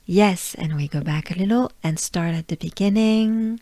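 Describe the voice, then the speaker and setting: French woman, pronunciation teacher, unhurried and encouraging, dry room. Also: fairly low pitch, dark tone, no echo. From France. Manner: patient, coaching, repeats sounds for practice. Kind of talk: pronunciation lesson.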